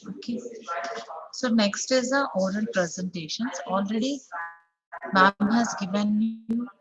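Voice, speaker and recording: A woman's voice: medium pitch, a little slow, lo-fi sound, over music. A woman with an Indian English accent teaching an online English class. She repeats example sentences and says "okay" often. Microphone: video call. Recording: online class audio with crowd chatter behind.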